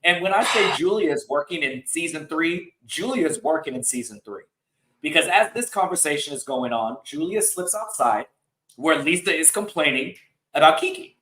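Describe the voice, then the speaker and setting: A man's voice: on the high side, animated, normal speed, pushed and bright, echoey room, recorded from a distance, poor audio. A man hosting a podcast, recapping a reality TV episode in a casual, gossipy way and laughing often. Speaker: podcast host.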